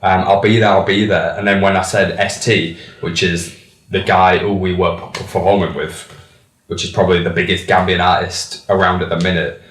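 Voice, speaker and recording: A man's voice: deep voice, flat delivery, normal speed, fairly bright tone, roomy sound, poor audio. A young man with a Hull accent, a musician, telling a casual story about a gig, chatty and swearing freely. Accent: Hull, England. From England. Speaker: musician in a band.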